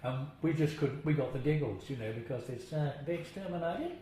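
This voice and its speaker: In a mellow, mid-range voice that moves fairly quickly, an older former actor chats through anecdotes in an interview. He chuckles along and occasionally does impressions. Heavy echo and faint hiss mark the recording.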